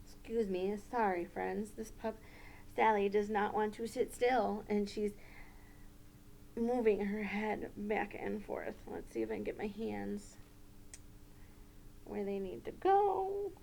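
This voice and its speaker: A woman teacher running a puppet lesson for young children, gentle and coaching. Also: mid-range voice, little pitch movement, a little slow, gravelly, slight background noise.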